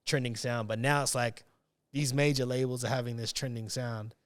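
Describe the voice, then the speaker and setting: A man hosting a casual podcast, talking in a loose, rambling way and often circling back to restart his sentences. His voice is smooth and clean, sitting at an ordinary middle pitch. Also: steady tone, normal speed. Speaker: podcast host. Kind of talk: casual chat.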